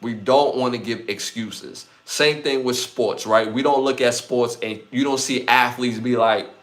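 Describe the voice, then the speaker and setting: A man's voice: mid-range voice, fairly even intonation, measured pace, hardly any pauses. A man with a Brooklyn accent hosting a live podcast, chatting loosely with viewers and repeating his phrases. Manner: repeats phrases, gives shout-outs, loose slangy delivery. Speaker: podcast host.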